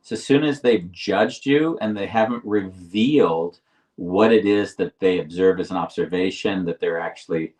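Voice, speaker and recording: Low-voiced man talking from slightly off-mic. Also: a little mellow, distant mic, poor audio. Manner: deliberate, restarts phrases, slows for emphasis. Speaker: podcast co-host. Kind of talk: reflective conversational explaining.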